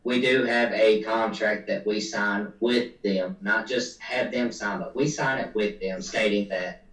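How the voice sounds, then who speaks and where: A man's voice: on the low side, a little slow. A man, a paranormal investigator, chatting casually and acting out conversations as he tells stories. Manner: animated storytelling, acts out dialogue. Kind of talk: casual chat. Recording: echoey room, far from mic.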